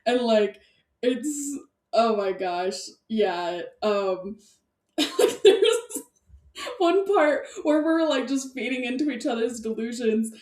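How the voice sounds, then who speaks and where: Excitable woman in an echoey room. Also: fairly high pitch, takes it slowly. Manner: rambling, excitable, laughs often, many fillers. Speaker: podcast co-host. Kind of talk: casual chat. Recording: echoey room, distant mic.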